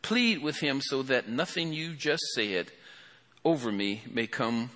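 A man preaching an impassioned sermon in a church hall, swelling loud then dropping to a hushed prayer. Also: medium pitch, expressive, unhurried. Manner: impassioned, rising and falling, calls for amen.

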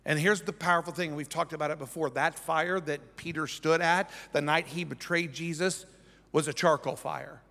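A male pastor delivering a sermon in a loose, conversational way, often checking in with his listeners. His voice sits somewhat high for a man. A long reverb trails behind his words in the church sanctuary. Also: fairly even intonation, normal speed, creaky, pushed and bright. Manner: conversational preaching, keeps asking 'right?'.

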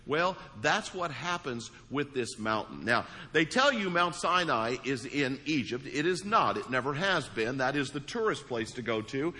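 A man preaching a sermon as pastor, emphatic, then dropping into a quiet prayer. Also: medium pitch, lively intonation, moderate pace, hardly any pauses, long reverb tail.

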